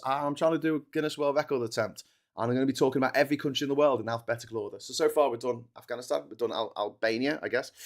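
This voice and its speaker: A man hosting a solo livestream, chatting in a digressive, jokey way, full of restarts and trailing asides. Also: mid-range voice. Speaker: livestream host. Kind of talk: rambling solo livestream chat.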